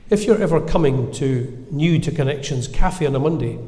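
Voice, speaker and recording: A man preaching a sermon in a measured, gentle, earnest way, with reflective pauses. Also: on the high side, lively intonation. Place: church. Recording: echoey church with long reverb.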